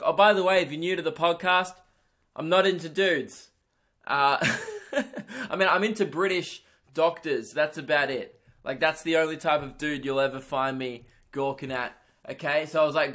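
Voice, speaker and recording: A young man hosting a comedy podcast, telling a crude, self-mocking story in an animated stand-up style. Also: on the high side, moderate pace.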